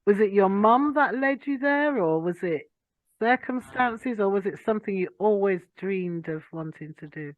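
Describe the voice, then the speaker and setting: A woman hosting a casual interview, enthusiastic and quick to laugh. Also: medium pitch, expressive, dry recording. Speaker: podcast host. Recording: dry phone-like call audio.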